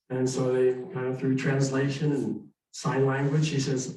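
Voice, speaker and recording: A middle-aged man presents history live as a storyteller in an arts center hall, animated and conversational, acting out the dialogue. His voice is medium-pitched and measured, and the recording sounds echoey, caught by a distant mic.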